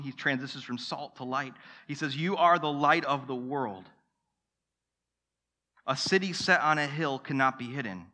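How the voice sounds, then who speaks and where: A man's voice: fairly high pitch, pushed and bright, big-room sound. A man preaching a sermon to his church, telling a story and asking the congregation rhetorical questions. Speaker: pastor. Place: church sanctuary.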